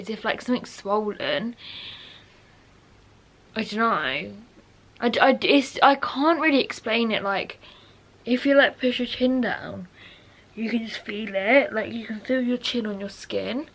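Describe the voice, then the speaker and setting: A woman's voice: medium pitch, fairly bright tone. A young woman vlogging candidly to camera, rambling frankly with lots of fillers and restarts. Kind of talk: candid personal talk to camera.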